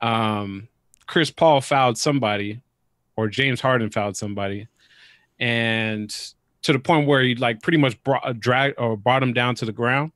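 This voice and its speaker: A man co-hosting a casual sports podcast, speaking in a laid-back, halting way with frequent restarts. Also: medium pitch, fairly bright tone, dry recording, studio quality. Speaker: podcast co-host.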